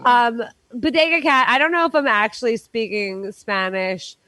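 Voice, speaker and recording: A woman's voice: fairly high pitch, steady tone, moderate pace, pushed and bright, low-quality recording. A woman hosting a late-night quiz show, telling long rambling stories in casual chat with playful put-on voices. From New York.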